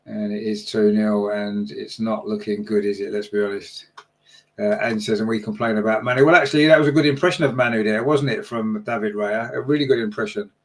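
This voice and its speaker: A man's voice: on the low side, fairly even intonation, fairly quick. Male fan-channel commentator, partisan and conversational, spikes in energy on attacks. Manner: partisan, chatty, rises sharply on chances.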